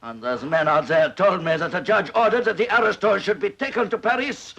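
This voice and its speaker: A man's voice: sits high, a little fast, gravelly, fairly bright tone, slightly rough, muffled recording, full character voice. An actor playing an irritable, scheming male French revolutionary official in a 1950s television drama, snappish and blustering. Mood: suspicious.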